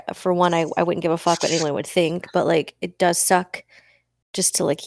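A woman's voice: on the low side, fairly even intonation, a little fast, vocal fry, darkish tone, no echo, clean studio sound. A woman hosting a podcast, chatting casually, reacting openly and swearing freely. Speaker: podcast host. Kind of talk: casual conversation.

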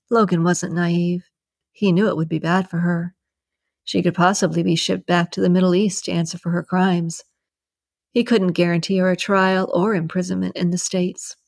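This is scripted narration by a female audiobook narrator, who reads a novel at a steady, even pace. Her pitch is fairly low, and the clean studio audio carries no trace of the room.

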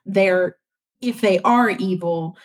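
A woman's voice: mid-range voice, slow pace. A woman chatting casually on a podcast, rambling with many "like"s and restarts. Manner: rambling, heavy use of "like" and restarts. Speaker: podcast panelist. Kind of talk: casual chat.

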